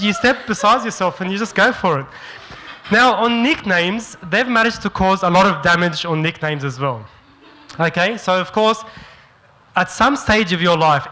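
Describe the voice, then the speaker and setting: A man in his thirties tells stand-up stories in an animated way. His voice sits high for a man and sounds bright and forceful, with a faint hiss under it. He often slips into quick impressions of his relatives. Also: rough recording. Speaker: stand-up comedian. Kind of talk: stand-up comedy storytelling. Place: stage before a live audience.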